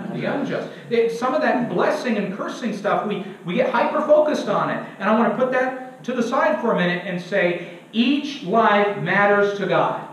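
A young male preacher giving an emphatic sermon in a church, asking the congregation to fill in words and joking at his own expense. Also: high-pitched. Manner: self-deprecating humor. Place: church sanctuary. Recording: very echoey church, distant and dull.

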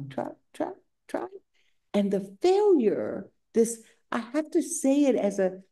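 A woman's voice: medium pitch, dark tone. A woman giving a meditation dharma talk at a retreat, conversational and searching, repeating phrases as she reads from scripture. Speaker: meditation teacher. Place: retreat center meditation hall.

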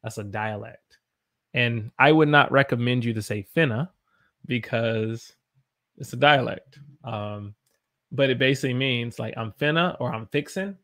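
Reading out chat comments during his English-teaching live stream, this Southern U.S. man stays upbeat and playful, trying out funny voices. His mid-range voice is a bit bright and a little slow.

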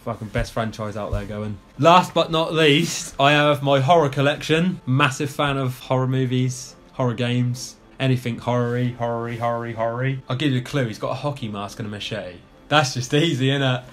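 A man's voice: medium pitch, steady tone, normal speed, hardly any pauses, fairly bright tone. A young man, chatting enthusiastically and swearing freely as he shows off his collection. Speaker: guest showing his collection. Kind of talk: casual show-and-tell chat.

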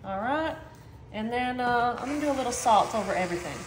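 A woman's voice: a little high, lively intonation, fast talker, background noise. A woman chatting upbeat to her viewers while she cooks at home, talking straight to the camera. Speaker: home cooking vlogger. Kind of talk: casual cooking demonstration. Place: home kitchen. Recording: echoey kitchen room.

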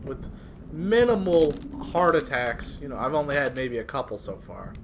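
A young man doing casual let's-play commentary on a horror game, reacting excitably and swearing a lot. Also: medium pitch, moderate pace, background noise. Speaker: gaming video host.

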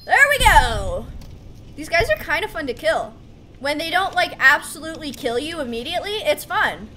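A woman streamer giving casual gameplay commentary, excitable and talking to herself, with yelps as she plays. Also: high voice, moderate pace, a little hiss or hum. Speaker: gaming streamer.

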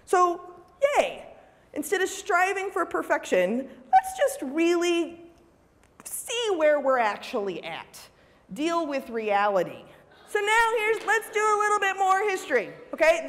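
A woman giving a motivational talk to an audience in a large room, animated and often checking in with "right?". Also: sits high. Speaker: public speaker. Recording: reverberant hall.

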